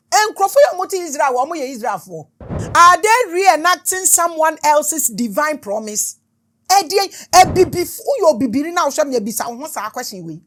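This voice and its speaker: A middle-aged Ghanaian woman hosting a spiritual talk show, speaking in an impassioned, repetitive, declaiming way. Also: high voice. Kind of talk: spiritual talk mixing English and Twi.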